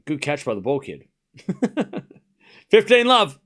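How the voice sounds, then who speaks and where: A man hosting a live tennis watchalong stream, calling points play by play with casual joking asides and shouting on big moments. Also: a little high, slow pace. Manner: excitable, shouts on big points, chatty and joking between rallies.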